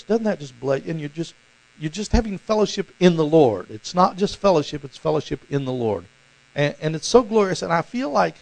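A man preaching a sermon as pastor, animated and acting out the voices in the stories he tells. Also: fairly high pitch, gravelly, low-quality recording. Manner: animated, acts out voices in quotes.

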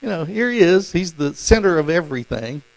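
A man preaching a sermon as pastor, animated and acting out the voices in the stories he tells. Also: on the high side, fairly quick, no room sound, low-quality recording. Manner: animated, acts out voices in quotes.

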